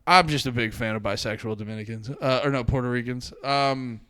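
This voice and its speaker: A man's voice: mid-range voice, fairly quick, sharp tone, a little hiss or hum. A man co-hosting a casual comedy podcast, joking and teasing his co-host and laughing often, talking into a studio mic.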